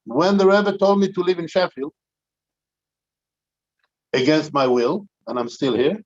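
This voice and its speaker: A man's voice: a little high, expressive, unhurried, muffled recording. An older man, a rabbi, telling an anecdotal story to a community gathering, with frequent restarts.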